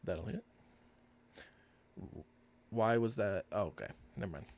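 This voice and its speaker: A man with a lowish voice running a tabletop campaign for a live stream. He hands out rulings unhurriedly and matter-of-factly, with an easy laugh here and there. The sound comes through an online voice call. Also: lively intonation, unhurried, a little mellow, a little hiss or hum. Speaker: game master.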